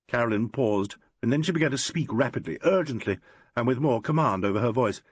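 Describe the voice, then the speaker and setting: A male narrator reads a classic mystery with a lively, swinging delivery. His voice is husky and slightly breathy, heard close and dry with no room sound. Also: mid-range voice, brisk, dry recording. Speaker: audiobook narrator. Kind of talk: scripted audiobook narration.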